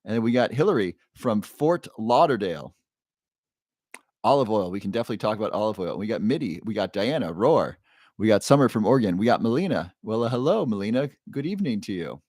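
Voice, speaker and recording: A man with a medium-pitched, darkish voice hosts a casual livestream, recorded clean in a studio with no echo. He's a neuroscientist who greets viewers by name, reads the chat out in an upbeat way, and lets out playful roars.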